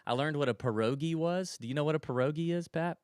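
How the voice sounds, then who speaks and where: A man's voice: on the high side, fast talker, clear, resonant tone, dry recording, clean studio sound. A man co-hosting a podcast in casual chat, rambling through stories with frequent restarts. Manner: chatty, rambling storyteller with restarts. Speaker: podcast co-host.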